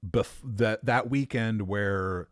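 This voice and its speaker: A man with a very low, deep voice tells a rambling personal story and keeps stopping to correct himself. He swears casually and laughs at himself. The sound is dry and close, with no room around it. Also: slow, dry recording. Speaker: podcast host.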